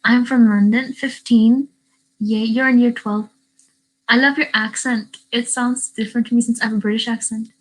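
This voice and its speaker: A woman's voice: a little high, steady tone, moderate pace, rough recording. A teenage girl with a Derry accent and a hint of Indian, chatting on a livestream and reading comments in a bubbly, filler-heavy way, on a webcam mic at home. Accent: Northern Irish (Derry) with a hint of Indian. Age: teens. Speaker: YouTuber reading live chat. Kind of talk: casual livestream chat.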